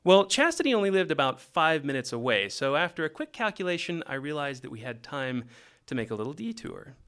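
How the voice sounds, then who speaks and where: A man from Texas tells a funny story with wry timing and a voice that swings up and down a lot. His tone is bright and forward. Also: on the high side, a little fast. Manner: wry, animated delivery. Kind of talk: scripted comedic storytelling.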